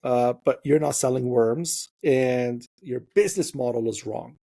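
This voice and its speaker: Husky-voiced opinionated male podcast host. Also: mid-range voice, unhurried. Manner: animated, opinionated, mimics voices when quoting. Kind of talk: casual interview conversation.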